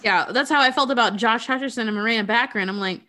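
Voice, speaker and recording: A woman with a bright, ringing voice sits a touch high in pitch as she talks through a movie she didn't think much of. She is blunt and swears freely, often breaking into laughter as she co-hosts the show. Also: fast. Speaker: podcast co-host. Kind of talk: casual movie review chat.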